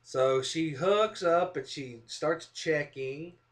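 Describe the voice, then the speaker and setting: A man's voice: a little high, takes it slowly. A man telling a comic personal story to the camera, self-mocking and acting out what people said. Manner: animated, self-mocking, acts out quotes. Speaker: vlogger. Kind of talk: casual storytelling monologue.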